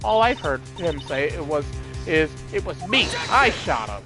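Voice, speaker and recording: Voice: mid-range voice, sing-song, a little slow. A game player voicing a cold, scheming young woman who taunts with sneering remarks, over game music. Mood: mocking.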